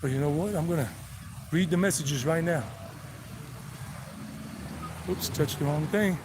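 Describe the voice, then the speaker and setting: This is a live-streamed walking tour led by a US man with a mixed South Carolina–New York accent, who rambles casually outdoors and reads chat messages from his phone. He speaks at a measured pace in a fairly high pitch, with faint traffic noise from the city streets behind him.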